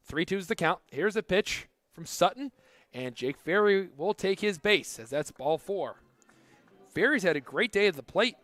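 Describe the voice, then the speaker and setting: A man calling a baseball game pitch by pitch, slipping into easy banter between plays. His voice sits a little high. The sound is dry and close to the mic. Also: lively intonation, moderate pace, a bit bright, no room sound, faint music behind. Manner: jokey, conversational between pitches. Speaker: play-by-play announcer. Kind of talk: baseball play-by-play commentary.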